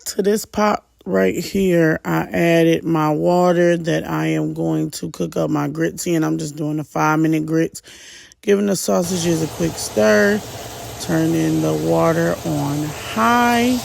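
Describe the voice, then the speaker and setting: A woman's voice: sits low, fairly even intonation, slow, gravelly, a little mellow. A woman narrating her cooking in a casual, chatty way, speaking straight to her viewers with loose, informal talk and the odd curse word. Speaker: home cook vlogger. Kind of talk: casual cook-along narration.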